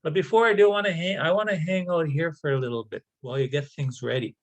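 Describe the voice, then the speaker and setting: A man's voice: a little high, quick pace, highs cut off, lightly acted. A man voicing an eager, boastful male wolf in a told folk tale.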